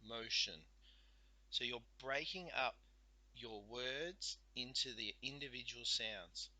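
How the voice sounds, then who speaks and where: Bright, dry-voiced teacher sounding out words. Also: male voice, mid-range voice, dry recording, rough recording. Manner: slow, careful, sounds out letters and syllables. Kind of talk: recorded spelling lesson.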